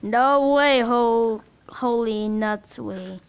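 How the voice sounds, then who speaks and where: A woman giving excitable reaction commentary full of gasping exclamations while watching a video. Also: on the high side, drawn-out words, creaky, highs cut off. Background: loud music from the watched video.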